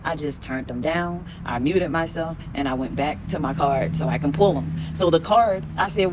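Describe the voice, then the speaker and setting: On her spiritual podcast, a low-voiced woman pulls tarot cards and delivers a blunt, emphatic pep talk peppered with swearing. Afterward she repeats affirmations slowly. The background is noisy.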